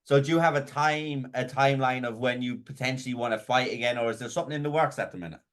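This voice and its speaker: A man's voice: mid-range voice, quick pace. A man interviewing a fighter, asking long, loose questions full of fillers. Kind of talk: casual interview.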